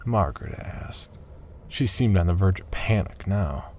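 A man narrating a first-person horror story, turning tense and urgent when his character shouts. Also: sits low, animated, a little slow, slight background noise.

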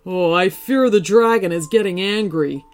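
A woman's voice: mid-range voice, normal speed, faint music behind, close to an everyday voice. Woman doing a brave nervous young warrior. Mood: earnest. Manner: earnest, slightly worried.

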